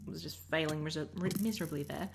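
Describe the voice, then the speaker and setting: The audio is very noisy as a low-pitched Australian woman with vocal fry talks fast over her recorded Minecraft let's play. Her casual commentary is chatty and meandering, and she often breaks off mid-sentence.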